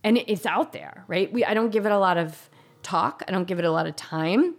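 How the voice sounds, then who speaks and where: A woman's voice: mid-range voice, a little fast. A woman telling a painful personal story in an intense, confessional way, saying "like" often. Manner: intense, confessional, heavy use of "like".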